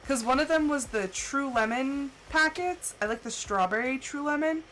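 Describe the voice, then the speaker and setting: A woman livestreamer telling stories in casual chat, animated and full of fillers, acting out the people she quotes. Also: high-pitched, normal speed, faint music behind, low-quality recording. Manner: chatty and animated, full of "like" and laughs; acts out quoted people with jumps in voice. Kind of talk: casual storytelling chat during a game stream.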